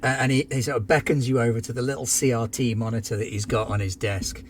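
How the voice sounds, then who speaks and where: A man runs a tabletop game, describing scenes in a relaxed way. His voice sits at a plain middle pitch. Faint background noise is heard. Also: fast. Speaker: game master.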